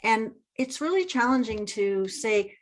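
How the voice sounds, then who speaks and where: A woman hosting an interview, speaking in an articulate, measured way. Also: a little high, lively intonation, poor audio. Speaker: podcast host. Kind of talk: conversational interview.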